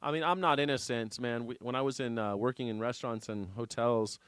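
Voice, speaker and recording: A man's voice: medium pitch, fairly even intonation, fairly quick, fairly bright tone, smooth, no echo. A man hosting a news reaction show, commenting casually in an irreverent, sarcastic way with some swearing. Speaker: host.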